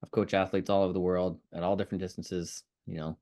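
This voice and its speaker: A calm, easygoing man talking as a podcast guest and coach. His voice sits fairly low, and he speaks in a relaxed, open way. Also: quick pace. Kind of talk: casual podcast chat.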